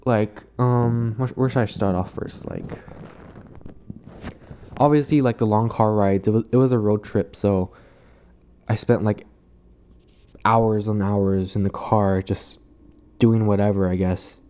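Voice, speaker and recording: Young male vlogger, mellow and low-pitched, halting delivery, drained and resentful. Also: fairly even intonation, clean tone. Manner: halting, full of restarts and "like" fillers; weary and resentful. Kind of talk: casual venting monologue.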